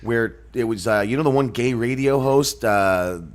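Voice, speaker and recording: A man joining a casual online chat, rambling and joking, often jumping into high mocking voices. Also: normal speed. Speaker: guest dropping in.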